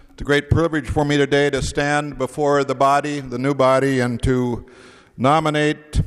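A state senator giving a formal nominating speech in a legislative chamber, pausing often on uh. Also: male voice, medium pitch, clean tone. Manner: halting, with frequent uh fillers. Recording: echoey chamber reverb.

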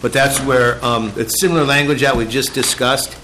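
A man from a state department explaining bill provisions to a committee in halting, explanatory testimony. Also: mid-range voice, fairly even intonation, sharp tone, a little hiss or hum, low-quality recording. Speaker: state agency official testifying. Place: legislative hearing room.

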